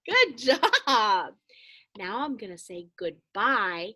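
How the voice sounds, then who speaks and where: A woman teaching young children a phonics lesson, speaking slowly and encouragingly and calling them friends. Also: on the high side, very animated, sharp tone.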